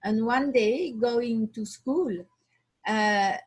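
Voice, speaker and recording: A woman from Switzerland tells a personal story as an interview guest, speaking slowly and with many restarts as she hunts for the right word. Her voice is husky and sits a little high. It comes through a video call. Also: rough recording. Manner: halting, searching for words, restarts often. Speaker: watch designer, guest.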